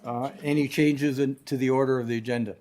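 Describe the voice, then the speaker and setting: A man's voice: medium pitch, steady tone, a little mellow. A man chairing a regional council meeting, speaking with frequent ums and restarts in a council chamber. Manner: halting, many ums and restarts.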